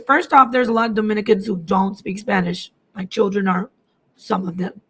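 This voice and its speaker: Speaking fairly quickly in a steady, mid-range voice with a slight roughness, a middle-aged woman runs a relaxed live stream. She talks with her audience and moves between languages while replying to chat.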